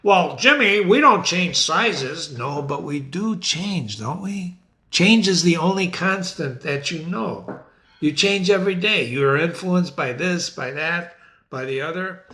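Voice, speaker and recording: A man's voice: fairly high pitch, unhurried. A middle-aged man hosting his own literature channel, talking to viewers with theatrical enthusiasm. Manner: animated, theatrical, addresses viewers as ladies and gentlemen. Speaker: literature teacher and website host. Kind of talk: enthusiastic talk to camera.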